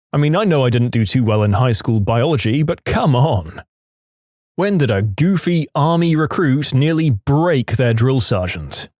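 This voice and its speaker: Guy reading out reddit-style stories, really animated voice, pops up high for the quotes, dry mic. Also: dry recording. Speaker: narrator reading listener stories. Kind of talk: scripted storytelling narration.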